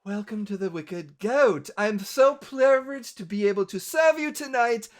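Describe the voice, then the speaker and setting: A man's voice: sits high, expressive, normal speed, pitched above the performer's own voice. A man playing a dutiful woman in her thirties who serves at a tavern. She speaks in a raised, politely formal voice, reciting her welcome.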